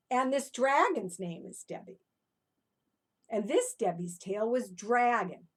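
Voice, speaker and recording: A woman reading her own animal rhymes to young children, animated and encouraging, often stopping to ask the listener questions. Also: a little high. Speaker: children's storyteller. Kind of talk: interactive storytelling for children.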